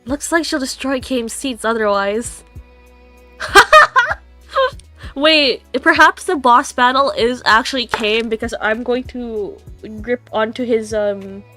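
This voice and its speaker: A woman's voice: a little high, measured pace, hardly any pauses, sharp tone, faint music behind. Giggly, congested young woman streamer. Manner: giggly, chatty asides between read lines. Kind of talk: game stream, reading the story aloud.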